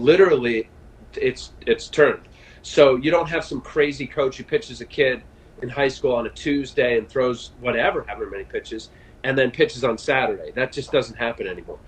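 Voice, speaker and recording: A man in his fifties, a former pitcher, telling stories in a casual interview over a video call, animated and full of fillers and restarts. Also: fairly quick, low-quality recording. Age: 50s. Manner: chatty storyteller, animated, frequent fillers and restarts. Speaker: guest, former baseball pitcher.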